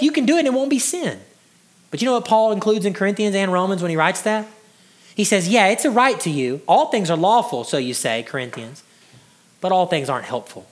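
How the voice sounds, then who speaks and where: A man's voice: high-pitched, fairly bright tone. A man preaching a sermon in a conversational way, stumbling over restarts and acting out quotes from ordinary people. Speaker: pastor.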